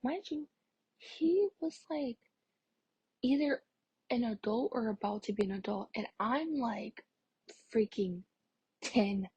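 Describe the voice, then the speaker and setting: Young woman, very breathy, high-ish voice, chatty storytime, dry close sound. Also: lively intonation, slow pace, long pauses, dark tone, no echo, highs cut off. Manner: chatty, many fillers, drops to a whisper at times. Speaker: vlogger. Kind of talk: casual storytime chat.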